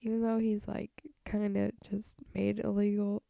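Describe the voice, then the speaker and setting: A woman's voice: mid-range voice, completely flat delivery, moderate pace, gravelly, dark tone, dry recording. A young woman hosting her own podcast, rambling in an offhand, self-mocking way as she chats alone. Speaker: podcast host. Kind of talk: casual solo chat.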